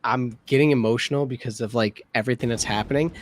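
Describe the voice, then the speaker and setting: A man's voice: mid-range voice, fairly even intonation, quick pace, a little hiss or hum. A man co-hosting a reaction video, talking casually, swearing a lot and getting emotional as he thinks aloud.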